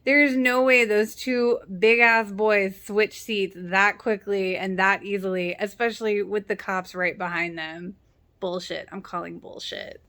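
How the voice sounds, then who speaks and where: A woman's voice: medium pitch, steady tone, unhurried, pushed and bright. A young woman casually recapping a TV episode, sarcastic and chatty, acting out the characters' lines as she goes. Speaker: TV show reaction vlogger.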